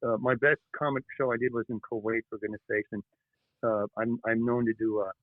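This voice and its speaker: A man, the guest author, telling animated stories in an interview, halting and restarting often. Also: medium pitch, no room sound. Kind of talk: storytelling interview chat. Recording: tinny phone-like line.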